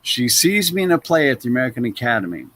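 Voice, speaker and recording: A man who is an actor, telling stories as an interview guest in a loose, animated way that trails off into "blah, blah.". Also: medium pitch, fast talker. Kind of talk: anecdotal interview storytelling.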